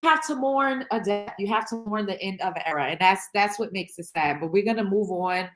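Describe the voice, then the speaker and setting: A woman hosting her own show talks candidly to camera in a reaction vlog, her mid-range voice brisk. She's emotional and blunt, swears freely, and rambles with lots of restarts and fillers.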